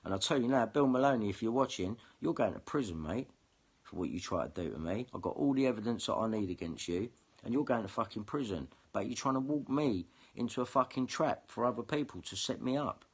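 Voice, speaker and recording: A man's voice: fairly low pitch, expressive, brisk, husky. A man ranting angrily and swearing in a monologue to camera. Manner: heated, sweary, confrontational. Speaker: vlogger.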